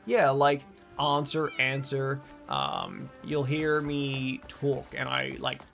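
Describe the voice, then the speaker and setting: A man's voice: mid-range voice, big pitch swings, takes it slowly, vocal fry, a bit bright, faint music behind. A man from Australia with an Australian accent, casually chatting and swearing while streaming a game and reading out chat.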